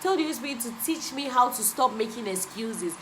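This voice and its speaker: A woman's voice: fairly high pitch, animated, brisk, slight background noise, low-quality recording. A young woman vlogger giving an emphatic, repetitive motivational talk and driving each point home. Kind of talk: motivational self-help talk.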